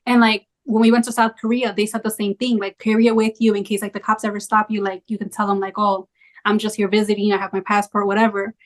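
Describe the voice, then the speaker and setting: A young woman in casual conversation, telling a travel story in a chatty, animated way with lots of fillers. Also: mid-range voice, fast talker. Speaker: travel creator.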